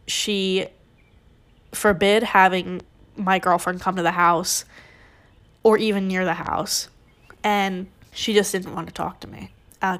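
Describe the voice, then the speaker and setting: A woman's voice: on the low side, creaky. A young woman hosting a podcast, telling a painful personal story in a candid, emotional, conversational way. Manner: emotional, candid, conversational with many likes and ums. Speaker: podcast host.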